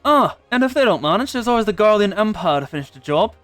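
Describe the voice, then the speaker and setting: A man voicing a gruff male tavern owner in a video game, with a rough sailor's brogue that keeps slipping. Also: high-pitched, expressive, fast talker, fairly bright tone, no room sound, soft background music, voice pushed up. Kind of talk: reading game dialogue aloud.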